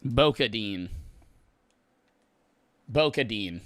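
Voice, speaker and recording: A young man on a livestream swears through a rambling, exasperated running commentary. His bright, forceful voice sits a little high and swings widely in pitch. He keeps reacting to the lingering heat of spicy food. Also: animated, a little slow, long pauses, dry recording. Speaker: streamer. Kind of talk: casual livestream chat.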